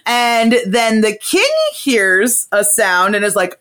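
A woman's voice: medium pitch, takes it slowly. A woman hosting a casual comedic recap of a play, telling it in slangy modern voices. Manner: animated, puts on slangy voices for characters. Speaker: podcast host retelling a play.

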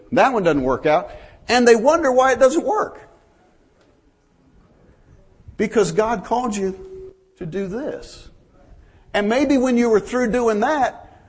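A man's voice: high voice, husky. A man preaching a folksy sermon, telling stories to his congregation. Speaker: pastor.

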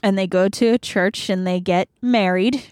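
A woman's voice: medium pitch, moderate pace, a little mellow, dry recording, clean studio sound. A young woman co-hosting a casual book podcast, chatty and amused, full of fillers. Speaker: podcast co-host.

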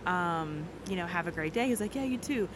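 A woman talks quickly and casually, telling a story as a guest. She is animated and jumps into the voices of her own thoughts and the people she quotes. A steady rumble sits under the recording.

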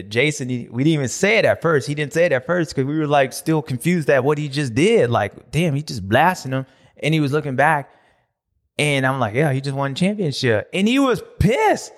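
A man hosting a motocross recap show, talking in a loose, slangy, animated way with loud bursts and low asides. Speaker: motocross podcast host. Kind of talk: casual race recap commentary.

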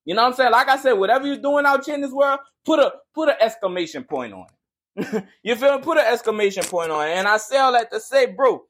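A man's voice: very high-pitched, lively intonation, fast, fairly bright tone. A young man hosting a motivational podcast, talking in a hyped, preachy way and often asking "you feel me". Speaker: podcast host.

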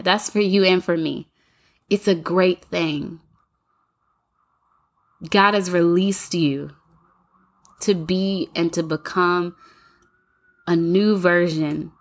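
A woman hosting her own faith-based podcast from home, speaking in an earnest, encouraging way and repeating phrases for emphasis. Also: on the low side. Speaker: podcast host. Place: home apartment, city sirens outside.

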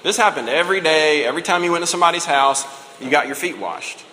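A man's voice: on the high side, animated, fast, pushed and bright, a little hiss or hum. A man in his thirties giving a conversational, emotional sermon as a pastor. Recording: reverberant hall with faint ambience.

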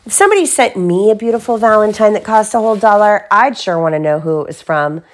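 A woman's voice: medium pitch, expressive, fast, voice pushed up, close to an everyday voice. A woman voicing a chatty, knowing girl bear cub friend in a children's storybook read-aloud, gushing and nudging.

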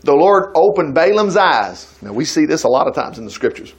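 A man's voice: a little high, sing-song, a little fast, slightly rough. A man preaching a sermon at a church service, retelling a Bible story with folksy asides and laughter.

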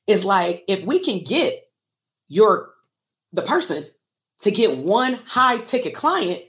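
A woman's voice: mid-range voice, a bit bright. Candid woman coach talking live. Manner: emotional, candid, laughs often, swears. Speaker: business coach for therapists. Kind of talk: casual live stream talk to viewers.

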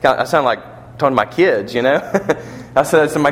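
A man's voice: mid-range voice, moderate pace, pauses often, fairly bright tone. A man preaching a sermon, building to emphatic peaks and asking rhetorical questions, in a church or funeral hall. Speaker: pastor. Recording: long reverb of a large hall.

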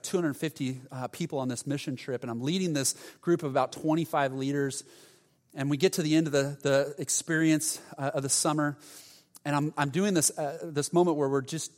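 A middle-aged man, a lead pastor, preaching a sermon in a church and telling stories, moving between hushed moments and loud bursts of passion. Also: medium pitch. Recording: long hall reverb.

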